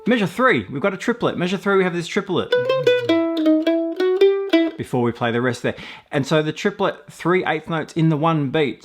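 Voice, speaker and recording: A man's voice: fairly high pitch, expressive, normal speed, over loud music. A man teaching a mandolin tune step by step, patiently counting beats and calling out pick strokes. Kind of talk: step-by-step music lesson. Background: loud mandolin playing.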